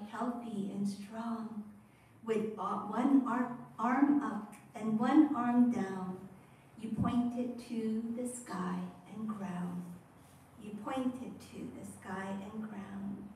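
A woman priest voicing the Buddha's devoted young mother in a slow, lilting recited poem, softly repeating each closing line, heard from a distant mic in an echoey room. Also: on the high side, slight background noise. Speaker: Zen priest.

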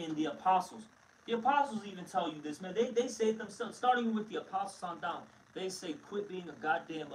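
A man's voice: sits high, a little hiss or hum. A man teaching scripture in a blunt, emphatic way, often calling listeners "man", recorded from a distance.

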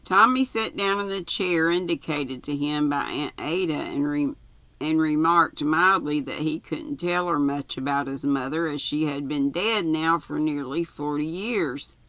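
Older woman storyteller, deliberate pace, dry close sound. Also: low voice, a bit bright, no room sound, poor audio. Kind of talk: reading a novel aloud.

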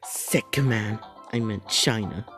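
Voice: mid-range voice, slow, music in the background. A creator who reads funny texts aloud, laughing often and apologizing for it. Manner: laughs often while reading. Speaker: video creator.

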